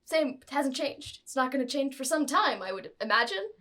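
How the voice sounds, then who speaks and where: Lady doing a fussy devoted clerk guy, flustered and super polite, kinda high. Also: very animated, normal speed, pushed and bright, heavily acted. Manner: flustered, formal, deferential.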